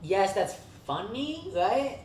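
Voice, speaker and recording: A podcast co-host in casual chat, animated and quick to laugh, with lots of "like" fillers. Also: mid-range voice, slight background noise. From Vietnamese heritage. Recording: roomy, distant mic with faint ambience.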